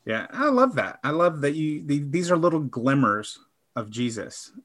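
A man reflecting on his faith in a casual conversation, often trailing off softly. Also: a little high, big pitch swings, moderate pace.

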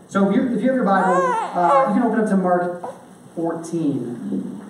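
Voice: medium pitch, sing-song, normal speed, heavy background noise. A preacher giving a casual, conversational sermon, often checking in with the listeners by asking "okay?". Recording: echoey hall, from a distance.

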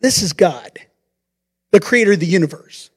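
A pastor preaching a sermon, telling the story in an animated way and acting out the quotes. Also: male voice, high voice, normal speed, slightly rough.

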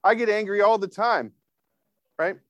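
Here a man gives a conversational sermon, frequently asking listeners to respond and speaking informally with lots of fillers and restarts. His voice sits high at a moderate pace, in a dry, lo-fi recording.

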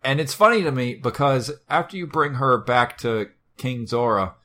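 A man's voice: mid-range voice, normal speed, bright, forceful tone. A man co-hosting a podcast, retelling a story in casual chat, wry and full of swearing. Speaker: podcast co-host.

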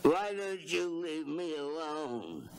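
A man's voice: a little high, big pitch swings, slow pace, a little mellow, clean tone, voice pushed up, exaggerated voice. A man voicing a mean neighborhood boy who sneers at other kids. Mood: sulky. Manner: sneering, sulky.

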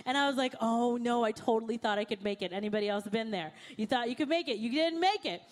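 A young woman pastor preaches a sermon in a fast, high voice, telling a personal story. She is animated and acts out her own panicked thoughts as quotes.

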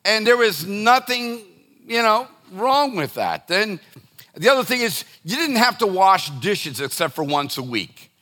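The pastor, a middle-aged man, has a high-sitting voice that is very animated, bright and forceful, though his pace is a little slow. He preaches to his congregation conversationally, frequently restarting and tossing in direct asides.

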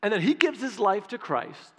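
A pastor preaching a sermon in an animated, conversational way, acting out quotes as he goes. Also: high-pitched, moderate pace. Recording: long hall reverb.

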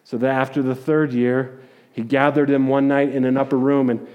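A man preaching a sermon, retelling a story in a casual, animated way with jokes and acted-out quotes. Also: medium pitch, moderate pace, highs cut off. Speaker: pastor.

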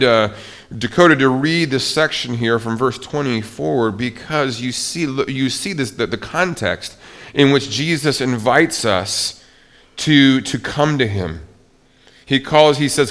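A man's voice: mid-range voice, measured pace, a bit bright. A male pastor preaching a sermon in a conversational way, often restarting his sentences. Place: church.

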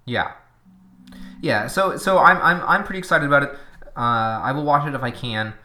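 A man's voice: medium pitch, normal speed, sharp tone. A man with a Boston accent co-hosting a podcast, chatting casually and opinionatedly, wandering into tangents. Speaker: podcast co-host.

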